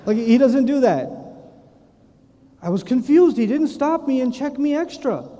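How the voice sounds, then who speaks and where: High-voiced man lecturing in a hall. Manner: animated storytelling with quick asides. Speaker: Islamic lecturer. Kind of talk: humorous religious lecture. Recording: long hall reverb.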